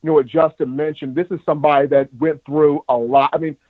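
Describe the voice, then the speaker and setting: A man co-hosting a sports podcast, telling animated stories in casual talk and repeating words as he goes. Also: fairly high pitch, a little fast, dry recording. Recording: muffled lo-fi dry sound.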